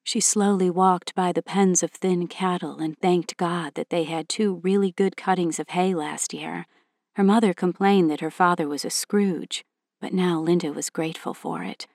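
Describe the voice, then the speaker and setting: Woman reading a storybook, low voice. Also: fairly even intonation, moderate pace, darkish tone, dry recording, studio quality. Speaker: narrator. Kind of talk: storybook narration.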